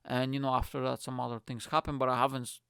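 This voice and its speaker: A young man rants through a story, swearing and putting on mocking voices. His voice is smooth yet gravelly. It is recorded close and dry, with no room sound. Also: medium pitch, quick pace, dry recording. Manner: profane, animated storytelling with mocking put-on voices. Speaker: podcast host. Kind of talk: casual ranting monologue.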